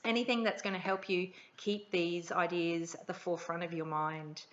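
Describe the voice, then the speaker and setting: A woman's voice: on the low side, fairly even intonation, moderate pace, lo-fi sound. A middle-aged woman with an Australian accent, a parenting educator speaking in a friendly, conversational way about her workshop. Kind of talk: promotional talk to camera.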